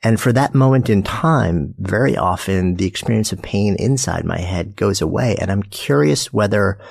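A man's voice: on the low side, lively intonation, moderate pace, vocal fry, husky, no room sound, studio quality. A man hosting an interview, asking thoughtful questions with frequent restarts. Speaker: interview host. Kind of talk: conversational interview.

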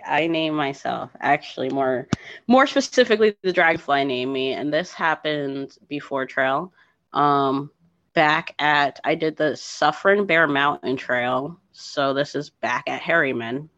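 Woman guest from New Jersey, animated storyteller, dull dry lo-fi audio. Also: low voice, dry recording. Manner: animated, emotional storyteller with lots of "like" and "you know". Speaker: podcast guest, thru-hiker. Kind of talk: storytelling in a casual interview.

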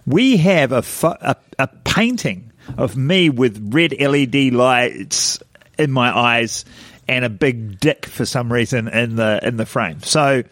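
A man's voice: medium pitch, expressive, takes it slowly, a bit bright, no echo, clean studio sound. A man co-hosting a podcast, rambling and laughing, a bit tipsy and hiccuping. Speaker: podcast co-host. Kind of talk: casual chat.

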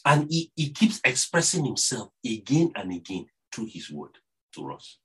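A man with a Nigerian accent delivers a sermon. His voice is husky, and his pitch swings widely as he presses each point. He keeps circling back to the same phrases. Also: very animated, moderate pace, fairly bright tone. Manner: earnest, repeats "you see" and phrases for emphasis. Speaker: preacher.

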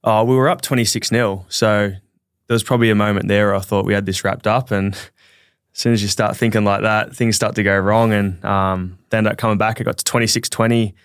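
A man, a rugby league player guest, speaking in a relaxed, reflective way. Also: fairly low pitch, fairly quick, smooth, dry recording, clean studio sound. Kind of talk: casual chat.

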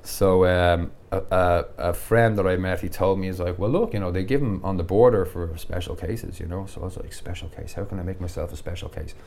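Deep-voiced man telling stories. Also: fairly quick, gravelly, hardly any pauses. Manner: animated, laughs often while telling stories. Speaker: podcast guest. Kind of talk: casual storytelling.

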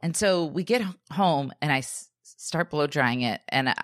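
A low-voiced woman in her thirties co-hosts a podcast, telling a story in a relaxed, chatty way at a moderate pace, animatedly imitating the people she quotes and saying "like" and "dude" constantly. The sound is close and completely dry, with no room echo.

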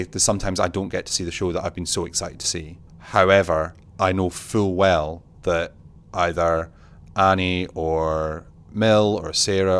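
A man, a venue manager and artistic director, chatting in an interview and acting out his own reactions. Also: sits low. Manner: animated, acts out quoted reactions, laughs often. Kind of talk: casual conversational interview.

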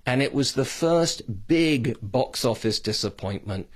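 With a mid-range, expressive voice at a measured pace, a British podcast host rambles through a casual monologue, full of opinions and digressions.

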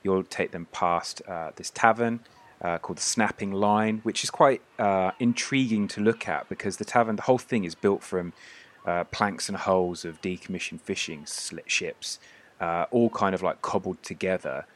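Low-voiced man narrating as game master. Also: moderate pace. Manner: descriptive, with many fillers.

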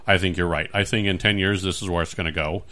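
A man hosting a podcast, chatting casually in a rambling, animated way with many restarts. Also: low voice, fast talker. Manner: rambling, animated, acts out little scenes. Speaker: podcast host. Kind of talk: casual chat.

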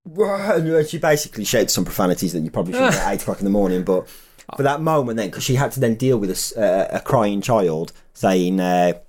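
Telling stories in a relaxed podcast chat, this young male co-host laughs along as he speaks. His voice sits on the low side with lively intonation and a slight mellowness, and he moves quickly with few pauses.

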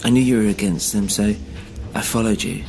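A man voicing a frightened, injured middle-aged man with a German accent, speaking in halting, desperate bursts in a spoken-word story. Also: lowish voice, creaky, background noise. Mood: pleading.

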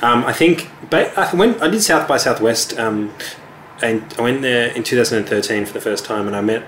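A man's voice: medium pitch, fairly quick, a bit bright, slight background noise. A man with an Australian accent, a touring musician who answers interview questions in an easygoing, modest way. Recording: roomy echo with faint ambience.

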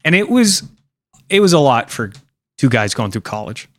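A man's voice: mid-range voice, very animated, moderate pace, a bit bright, no echo. A young man hosting a casual comedy podcast, rambling loosely, swearing a lot and acting out voices. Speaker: podcast host.

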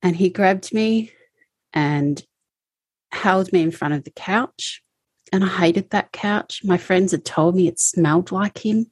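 A woman recounting her personal experiences as an interview guest, speaking in a halting, emotional way. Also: fairly low pitch, a little mellow, breathy edge, no echo. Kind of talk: personal testimony.

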